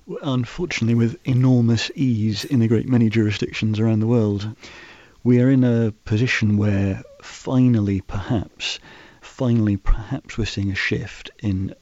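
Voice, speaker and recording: A man answering questions as an expert guest in a radio interview, speaking in a measured, precise way with occasional restarts. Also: lowish voice, fairly even intonation, warm tone, no room sound, muffled recording. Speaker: guest expert on financial transparency.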